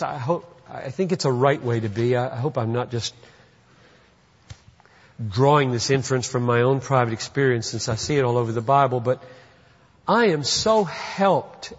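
Husky-voiced man preaching a sermon. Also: mid-range voice. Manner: earnest, swells to fervent emphasis. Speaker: pastor. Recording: dull, lo-fi recording in a reverberant hall.

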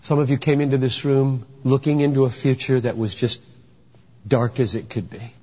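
A man's voice: medium pitch, steady tone, normal speed, warm tone. A man preaching a sermon, emphatic and dramatic, acting out courtroom scenes as he teaches. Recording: echoey hall, dull lo-fi sound.

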